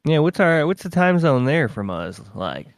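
A man co-hosting a casual podcast chat, deadpan and full of crude jokes, who introduces the songs. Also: fairly high pitch, moderate pace, dry recording, clean studio sound. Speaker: co-host.

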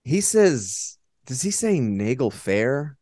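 A man's voice: medium pitch, drawn-out words, dry recording, studio quality. A man co-hosting a podcast, retelling game scenes in casual chat and acting out the characters' lines. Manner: animated, acts out characters' lines while retelling. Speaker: podcast co-host.

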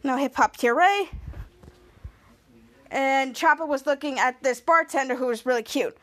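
A woman hosting a podcast, casually retelling a TV episode in a lively way and acting out the characters' lines as she goes. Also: sits high, normal speed, dry recording. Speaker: podcast host.

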